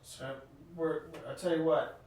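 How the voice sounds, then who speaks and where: A man's voice: on the high side, fairly even intonation, unhurried. Guy ghost hunting in an old inn, sounds far from the mic, big echo. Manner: calls out to spirits in a coaxing, friendly tone. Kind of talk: live ghost hunt chat. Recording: echoey room, voice from far off, faint hiss.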